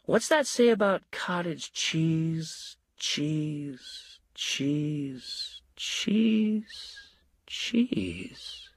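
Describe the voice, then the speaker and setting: A man's voice: fairly high pitch, wildly swooping pitch, slow, few pauses, breathy edge, no room sound, studio quality, pitched above the performer's own voice, heavily acted. A man voicing a small, serious old milkman who talks vaguely and trails off into a daze. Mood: dreamy.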